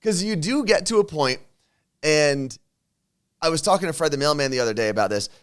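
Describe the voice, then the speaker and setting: A man co-hosting a casual talk show, chatting in relaxed, rambling thoughts. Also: a little high, brisk, smooth. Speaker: radio and podcast co-host. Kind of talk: casual chat. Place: studio.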